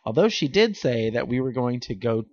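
A man's voice: mid-range voice, very animated, normal speed, a little mellow, no room sound, dull audio. A man co-hosting a podcast, chatting casually and playfully, now and then swearing. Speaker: podcast co-host. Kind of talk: casual chat.

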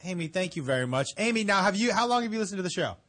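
Bright, high-voiced joking man co-host. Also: very animated, rapid-fire. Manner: joking, boisterous, teasing his co-host. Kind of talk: casual radio show banter.

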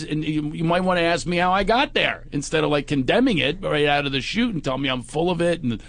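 A man tells a comic story on a podcast, his pitch sitting a touch high and swinging wide as he acts out each voice. The sound is dry and close, with no room around it. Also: expressive, fast, gravelly, hardly any pauses, a bit bright, no echo. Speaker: comedian and podcast co-host. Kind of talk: animated storytelling chat.

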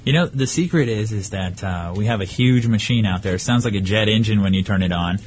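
A man's voice: lowish voice, a little fast, a little hiss or hum. A man who runs a kettle corn business, chatting easily as a studio guest and laughing often. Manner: easygoing, laughs a lot, explains plainly. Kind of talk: casual chat.

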